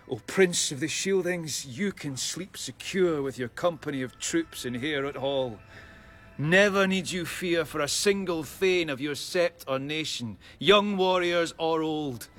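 A man reading the part of a bold young warrior hero, speaking in a measured, formal and proud way in a dramatic reading of epic verse. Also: a little high, a bit bright.

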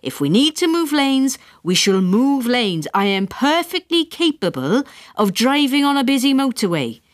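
A woman's voice: sits high, sing-song, moderate pace, pitched above the performer's own voice. A woman doing a blustering Welsh dad. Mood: stern. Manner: bluff, stubborn and pompous. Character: blustering middle-aged Welsh father at the wheel.

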